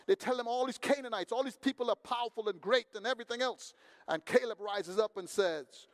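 A man with a very high voice preaches in a church. He tells folksy stories with acted-out asides. He builds from hushed stretches to loud, shouted climaxes. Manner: preaching with swings from quiet to loud, shouting at peaks. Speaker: pastor. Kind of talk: sermon. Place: church sanctuary.

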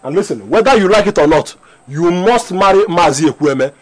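An actor with a Nigerian accent playing a bossy older brother who coaxes with repeated "eh?" and then threatens, in a film drama. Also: male voice, high voice, expressive, fairly quick, poor audio. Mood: threatening. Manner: coaxing with tag questions "eh?", turning to shouted threats. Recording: film music behind.

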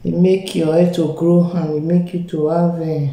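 A woman's voice: fairly low pitch, level tone, normal speed, mellow. Chatty Nigerian woman in an echoey room. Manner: chatty, talks straight to viewers, mixes Pidgin into English. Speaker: beauty vlogger. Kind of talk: live makeup tutorial.

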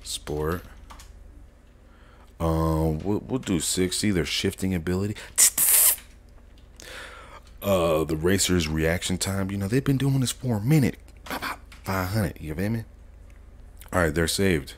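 A man streaming a casual live modding tutorial, chatting in relaxed slang and thinking aloud as he goes, often correcting himself. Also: low-pitched, slow pace, pauses often, slight background noise. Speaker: gaming streamer.

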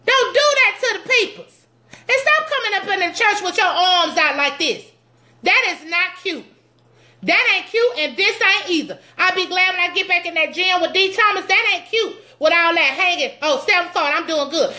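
A middle-aged woman giving sassy, teasing comedic church advice to her viewers, animated and preachy with loud whoops. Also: very high voice, normal speed. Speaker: comedic commentator addressing live viewers.

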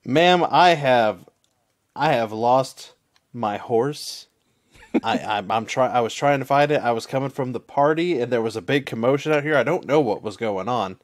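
A man's voice: medium pitch, moderate pace, no echo, lightly acted. A man playing a flustered young cowboy who stammers through apologies and excuses.

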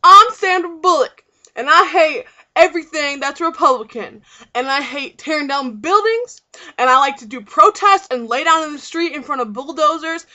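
Girl playing a feisty activist lady, high bright voice, spunky, over the top. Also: lively intonation, normal speed, lo-fi sound. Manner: spunky, mock-dramatic. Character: feisty young female activist.

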